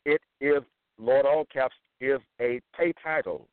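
A man giving a deliberate scripture lecture and quoting verses with stress. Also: mid-range voice, clean tone, dry recording. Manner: slow, deliberate, quotes verses with emphasis. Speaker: religious teacher. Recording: tinny phone-like sound.

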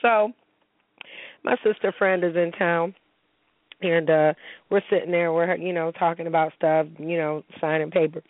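A woman's voice: on the low side, steady tone, unhurried, long pauses, dry recording. A woman hosting a podcast, telling a story in casual chat with blunt, profane outbursts. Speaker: podcast host. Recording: tinny phone-line sound.

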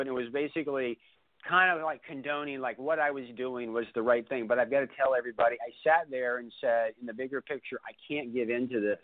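A man's voice: medium pitch, no room sound. A man hosting a radio talk show as an ADHD coach, telling a story emphatically with lots of repetition. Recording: dry, phone-like line.

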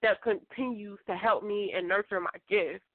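A woman guest author telling a story in a casual, animated way, laughing and acting out what others said. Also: mid-range voice, moderate pace, no room sound. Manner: animated, laughing, acts out quoted voices. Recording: tinny phone line.

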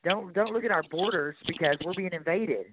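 Fairly high-voiced man on a phone line. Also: noisy background. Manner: halting, stammering restarts. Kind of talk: talk radio conversation. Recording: dry tinny phone line.

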